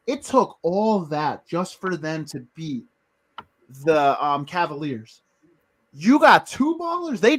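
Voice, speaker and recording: A man's voice: a little high, fairly bright tone. A man co-hosting a podcast, talking sports in a confident, opinionated way and often repeating words as he starts a thought. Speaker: podcast co-host. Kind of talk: casual sports chat.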